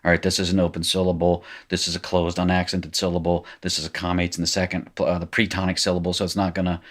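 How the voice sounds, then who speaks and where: A man's voice: low-pitched, completely flat delivery, quick pace. A middle-aged man teaching biblical Hebrew, working through exercises in a loose, self-correcting way while writing. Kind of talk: informal recorded lecture, working exercises.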